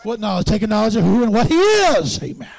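A male preacher, delivering a call-and-response sermon that swings between hushed asides and shouting. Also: high voice, very animated, fast talker, creaky, dry recording.

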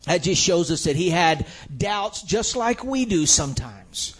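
A man's voice: high voice, very animated, measured pace, slightly rough. A man preaching a sermon with an emphatic, repetitive cadence, building his points through rhetorical questions.

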